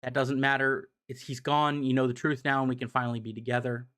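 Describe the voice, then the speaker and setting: A man performs a wheedling, power-hungry schemer trying to win someone over. The lines come fast and pushy in a mid-pitched voice, a light comic-reading take. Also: flat delivery, a bit bright, clear, resonant tone, lightly acted. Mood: pleading.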